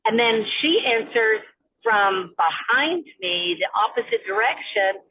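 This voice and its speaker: A woman's voice: medium pitch, lively intonation, measured pace, slightly rough, lo-fi sound. A woman calling in to tell a ghost story, acting out the voices of the people in it. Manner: storytelling, acts out quoted voices. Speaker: caller.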